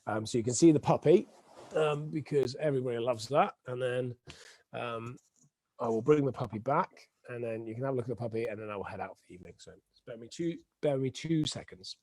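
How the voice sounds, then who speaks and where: A man's voice: medium pitch, brisk, warm tone, no echo. A man hosting his own weekly live stream from home, chatting unscripted and rambling with plenty of ums and restarts. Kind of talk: unscripted casual monologue.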